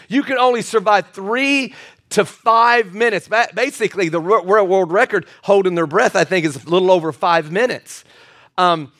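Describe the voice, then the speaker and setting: A middle-aged male pastor preaching a sermon in an earnest storytelling way, stumbling and repeating words when excited. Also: high-pitched.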